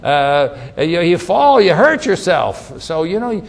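Gravelly preacher in a reverberant hall. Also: male voice, fairly high pitch, sing-song. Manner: emphatic, repeats phrases, slows on scripture. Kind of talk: sermon.

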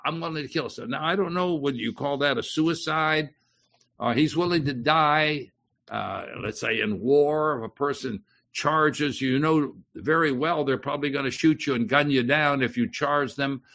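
A man's voice: mid-range voice, normal speed, creaky, fairly bright tone. A man teaching from the Bible off the cuff, rambling a little with fillers and restarts and putting questions to his listeners.

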